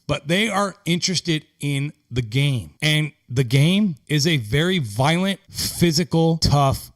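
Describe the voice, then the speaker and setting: A fired-up man ranting solo on his own podcast. His voice sits a bit higher than most men's, and he talks bluntly and swears freely. He keeps slipping into a prissy falsetto to mock the people he disagrees with. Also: animated, slow pace, few pauses. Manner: blunt, profane, riled-up, mocks others in prissy falsetto voices. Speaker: podcast host. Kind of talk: opinionated solo podcast rant.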